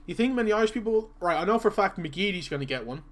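A man with a slightly high voice talks casually to his live-stream viewers while playing a football game. He stutters, repeating words as he goes, and fills gaps with "like" and "you know.". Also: animated. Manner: halting, repeats words, filler-heavy. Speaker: gaming streamer.

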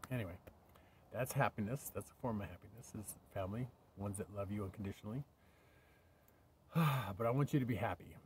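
A man's voice: fairly low pitch, a little fast, long pauses, a little hiss or hum. An older man rambling to camera in a casual vlog while camping by his vehicle, sometimes dropping to a whisper. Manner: rambling, drops to a whisper at times. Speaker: vlogger.

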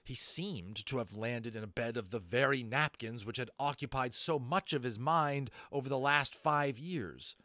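A man narrating a fantasy novel aloud, expressive, adding brief asides to listeners. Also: mid-range voice, normal speed, hardly any pauses, no room sound, studio quality. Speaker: audiobook narrator. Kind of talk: dramatic storybook reading.

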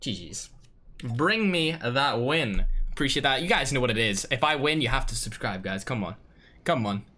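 A young man with a Northern Irish accent streaming a game live, reacting loudly and greeting chat in casual slang. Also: medium pitch, moderate pace. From Northern Ireland. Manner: excitable, slangy, swings between loud outbursts and muttering. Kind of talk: live gameplay commentary with chat shout-outs.

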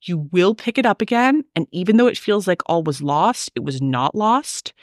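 A woman's voice: on the low side, expressive, normal speed, dry recording, studio quality. A woman hosting a solo podcast, coaching her listeners in an emphatic, ranty way.

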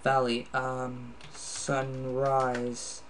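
A man's voice: medium pitch, monotone, drawn-out words, fairly bright tone. A tired man casually commenting while playing an online drawing game, muttering guesses and swearing at himself. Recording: noisy home recording with ticking.

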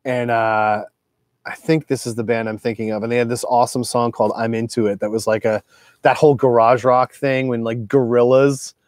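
A man's voice: medium pitch, little pitch movement, brisk, dry recording, clean studio sound. Profane, rambling middle-aged man. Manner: profane, digressive, loose with filler words. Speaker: record collector showing his records. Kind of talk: casual rambling monologue.

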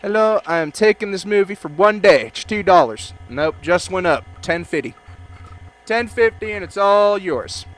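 A man voicing a haggling video store clerk in a put-on Russian accent, deadpan. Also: high-pitched, moderate pace.

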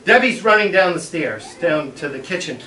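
A man's voice: on the high side, animated, normal speed, heavy background noise. A middle-aged man, a school superintendent, telling a playful story to a class of children and acting out the voices. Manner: playful, dramatic, acts out voices. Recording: echoey room, mic far off, children around.

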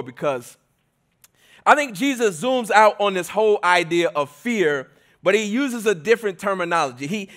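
A man preaching a sermon at a church service, casual and conversational, swinging between forceful emphasis and quiet asides. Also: high voice. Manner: conversational and emphatic, often shifting between loud and soft.

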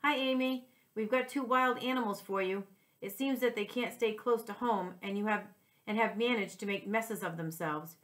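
A woman's voice: mid-range voice, normal speed, fairly bright tone, close to an everyday voice. A cooing, sweet-voiced pet groomer woman, read by a teacher. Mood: friendly. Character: cheerful, sweet-talking female pet groomer.

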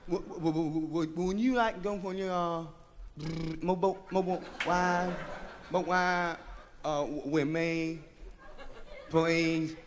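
A man's voice: high voice, sharp tone, heavily acted. A man voicing a bashful grown man who stammers and halts through his words, on a noisy vinyl recording of a live stand-up show. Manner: stammering, hesitant, halting. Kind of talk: stand-up comedy.

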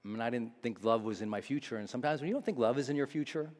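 A man speaks from the stage of a large seminar hall, telling his own story to the crowd. His voice sits at an ordinary middle pitch, and his delivery is earnest and confessional. A long reverb trails each phrase. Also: very fast, a little mellow. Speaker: motivational speaker. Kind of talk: personal storytelling to a live audience.

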